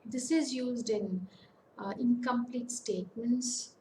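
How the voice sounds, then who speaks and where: A woman counsellor with an Indian English accent, giving a lecture on English phonetics and pausing often with fillers. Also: on the high side, darkish tone, poor audio. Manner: slow, deliberate, with many hesitations and fillers. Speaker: academic counsellor. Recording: faint background noise.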